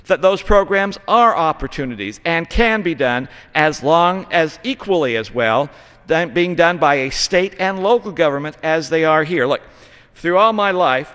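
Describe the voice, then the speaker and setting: A man's voice: on the high side, expressive, moderate pace, fairly bright tone. A middle-aged man from Utah giving a formal floor speech as a congressman, earnest and lecturing, with emphatic stresses. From Utah, United States. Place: large legislative chamber. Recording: reverberant chamber sound.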